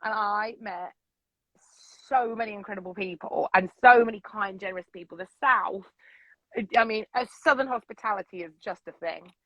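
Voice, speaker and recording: A middle-aged woman telling stories as a guest, loud and unapologetic in how she talks. Her voice sits at an ordinary pitch, and the sound is dry and a little dull, like a remote call. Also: normal speed, dry recording. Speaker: podcast guest. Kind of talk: casual interview chat. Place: vintage bus.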